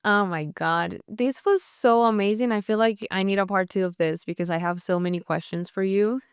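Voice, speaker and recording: A woman's voice: mid-range voice, moderate pace, clean tone, no room sound, studio quality. A young woman from Colombia with a Colombian accent, hosting a podcast interview in a bubbly, encouraging way and laughing often. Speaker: podcast host. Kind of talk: casual interview chat.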